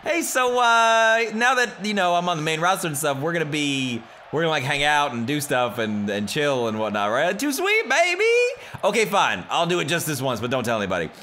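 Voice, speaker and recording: A man's voice: on the high side, expressive, brisk, few pauses, bright, forceful tone, slight background noise. A young man commenting on a wrestling game, reading promos aloud with mocking trash talk. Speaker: gaming YouTuber. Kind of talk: let's play commentary.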